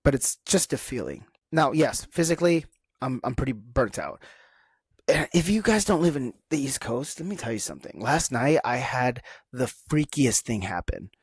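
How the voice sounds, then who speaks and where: A man's voice: medium pitch, expressive, normal speed, slightly rough, dry recording, studio quality. Frank rambling young man on a podcast. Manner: rambling, frank, self-reflective with many fillers. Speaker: podcast host. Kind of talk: casual solo podcast monologue.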